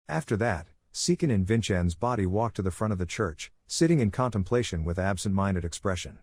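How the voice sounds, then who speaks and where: A man narrates a comic story recap at a steady pace. His voice sits fairly low. The recording is dry and close, with no room sound. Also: moderate pace, dry recording.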